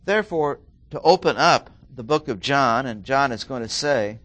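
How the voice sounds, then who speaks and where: A middle-aged man teaching through a Bible passage, deliberately repeating key phrases and stressing single words. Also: mid-range voice, animated, fairly bright tone, dry recording. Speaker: preacher.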